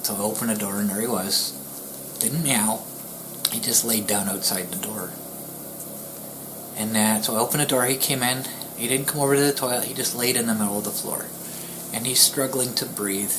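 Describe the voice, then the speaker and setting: A man vlogger telling a personal story in a somber, halting way, often pausing, restarting and dropping to a near-whisper. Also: fairly low pitch, background noise. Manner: halting and soft-spoken, with pauses, restarts and dips into near-whispers; somber, grieving tone. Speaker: YouTuber.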